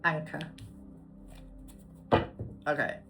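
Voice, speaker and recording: A woman's voice: very slow, bright, forceful tone, soft background music. A woman giving a casual, chatty tarot reading, murmuring card names and swearing now and then. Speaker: tarot reader.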